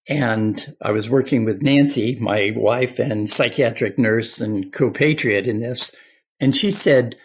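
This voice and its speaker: A man's voice: mid-range voice, a little slow, breathy edge. An older man, a clinical psychologist, telling stories earnestly as a guest in an interview. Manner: earnest anecdotal storyteller. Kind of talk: storytelling interview talk.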